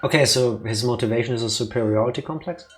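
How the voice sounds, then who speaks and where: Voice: medium pitch, fast talker, music in the background. A co-host of a game playthrough, joking and sarcastic in casual chat. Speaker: let's play co-host.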